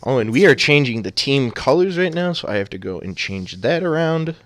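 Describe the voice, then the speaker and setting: A man's voice: mid-range voice, animated, moderate pace. A man casting an amateur esports match, talking casually and joking around with many fillers. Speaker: esports caster.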